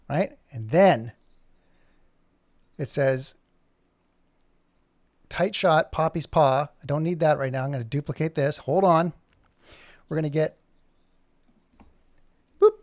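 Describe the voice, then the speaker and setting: A man's voice: a little high, normal speed, pauses often, dry recording, studio quality. A man chatting casually on a livestream, rambling and talking to himself as he works on an animation. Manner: rambling, talks to himself while working. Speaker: streamer making an animation.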